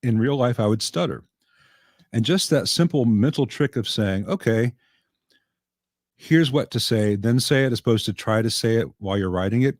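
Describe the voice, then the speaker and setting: A man's voice: medium pitch, a little fast, a little mellow, no echo. An American man with a light Southern accent, talking casually about amp repair as a guest on a live call, joking dryly and often restarting his sentences. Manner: chatty, dry humor, frequent restarts.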